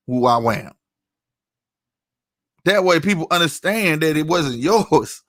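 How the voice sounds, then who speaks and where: A man's voice: fairly high pitch, animated, normal speed, pauses often, a bit bright, no echo, studio quality. A man giving a heated commentary rant, angry and profane, often tossing in "you know what I'm saying". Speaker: online commentator.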